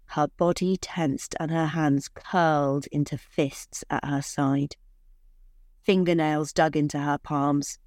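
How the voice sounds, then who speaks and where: A woman telling a short story in scripted, measured narration. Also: low voice, fairly even intonation, a little mellow, no room sound, studio quality.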